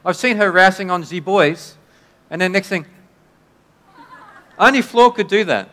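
A man preaching a sermon in a conversational, halting way, often restarting his sentences. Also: high-pitched, pushed and bright. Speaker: pastor. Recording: long hall reverb.

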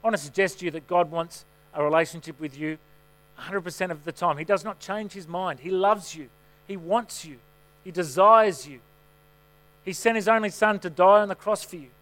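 A man's voice: sits high, moderate pace, a bit bright. A middle-aged man, a pastor, preaching a sermon in a conversational way, telling stories that poke fun at himself. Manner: conversational, self-mocking storytelling.

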